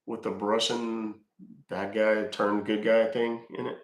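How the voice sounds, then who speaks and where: In a roomy, echoing recording, a congested-sounding middle-aged man hosts a scambaiting live stream and chats casually and folksily with viewers. His voice is on the low side, level in tone and unhurried.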